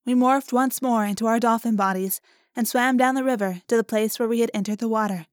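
Woman, audiobook narration, slightly high voice, dry close recording. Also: a little fast, no echo. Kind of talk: first-person audiobook narration.

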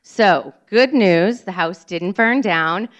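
A woman telling a personal story on stage, animated and breathless, acting out quotes. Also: medium pitch, takes it slowly, highs cut off.

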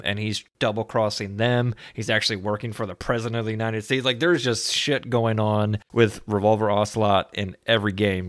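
A man hosting a podcast, an animated and rambling storyteller in casual chat. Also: fairly low pitch, dry recording, clean studio sound. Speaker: podcast host.

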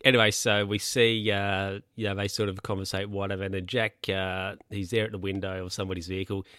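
A man's voice: low-pitched, level tone, brisk, a bit bright, clear, resonant tone, dry recording, studio quality. A man casually recapping a film, rambling with lots of fillers and asides.

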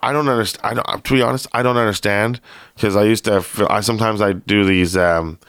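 Man, low voice, smooth and resonant, dry close sound, chatty host, laughs a lot. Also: brisk, no room sound. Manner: chatty, animated, laughs often. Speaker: podcast host. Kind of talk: casual interview chat.

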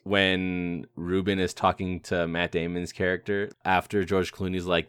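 A man with a low, smooth and clear voice talks loosely through favorite movie lines on a podcast. He swears freely and quotes dialogue in quick bursts. The recording is dry and close, with no room sound. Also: flat delivery, fairly bright tone, no echo. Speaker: podcast co-host. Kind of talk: casual movie-review chat.

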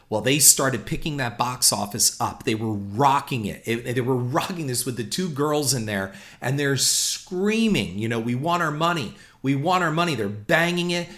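A man in his fifties tells a story in a casual, animated way, with a voice of ordinary middle pitch. He is blunt and swears freely, and he acts out the shouting of the people in his tale. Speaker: storyteller recalling his old job. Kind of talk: casual spoken anecdote.

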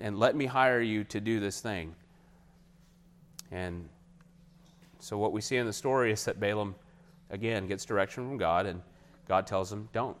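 A man preaching a sermon, retelling a Bible story and acting out the figures' lines with a raised, animated voice. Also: on the low side, moderate pace.

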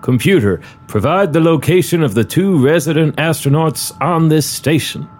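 A man voicing a gruff, folksy male space commander with a put-on Southern US drawl, blustering and threatening. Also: fairly high pitch, normal speed, a little mellow, lightly acted. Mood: bossy.

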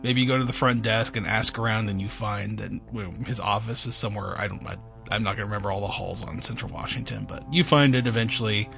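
A man running a tabletop game as game master, rambling and filling pauses with ums. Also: on the low side, gravelly, a bit bright, faint music behind. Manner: rambling, many fillers.

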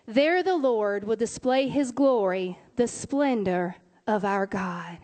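A woman pastor giving a sermon in a church, speaking softly and deliberately in a consoling way. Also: medium pitch. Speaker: women's pastor. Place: church sanctuary.

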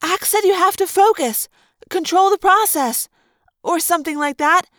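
A woman voicing a worried, quick-thinking teenage girl who speaks urgently in a raised voice. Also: a bit bright, dry recording, clean studio sound. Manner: urgent, worried, higher-pitched voice.

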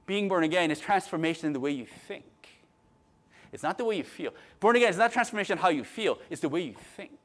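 A middle-aged man preaches a sermon conversationally, ending lines with "right?" and swinging between quiet asides and loud, emphatic bursts. His voice is high, animated and fast.

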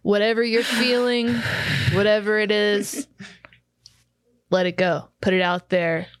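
A woman's voice: medium pitch, flat delivery, measured pace, no echo, clean studio sound. A woman playing a tabletop role-play game, speaking in a laid-back, coaxing way. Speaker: player.

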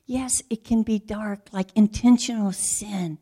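A woman preacher from the States, delivering a sermon that moves between hushed whispers and forceful, emphatic declarations. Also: mid-range voice, fairly even intonation, unhurried, breathy edge. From southern United States.

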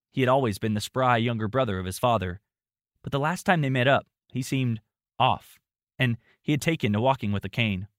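A man narrating a story in a steady, plain storytelling manner. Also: mid-range voice, dry recording, studio quality.

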